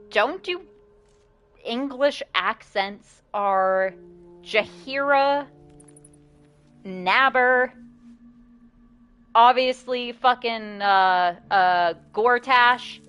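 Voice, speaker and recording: A woman's voice: fairly high pitch, animated, extremely slow, long pauses, a bit bright, clear, resonant tone. A woman streaming a video game, talking casually with chat, swearing often and laughing between remarks.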